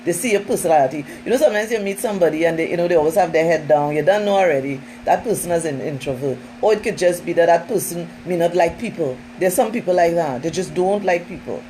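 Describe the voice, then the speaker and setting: A woman's voice: lowish voice, quick pace, hardly any pauses, mellow, slight background noise, low-quality recording. Emphatic woman trainer giving a talk. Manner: emphatic, conversational, often says "listen" and "you know".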